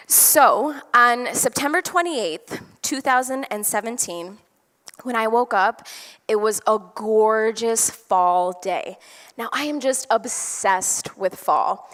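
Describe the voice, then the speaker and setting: A woman's voice: on the high side, fairly bright tone. Bubbly woman speaking in a reverberant hall. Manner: enthusiastic, chatty storyteller. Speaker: motivational speaker. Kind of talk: storytelling talk to a live audience. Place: stage in a large hall.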